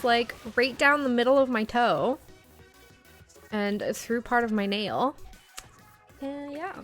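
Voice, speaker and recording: A woman's voice: sits high, a bit bright. A young woman streamer telling a story in casual live-stream chat, full of "like" fillers. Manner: chatty storytelling, frequent "like" fillers.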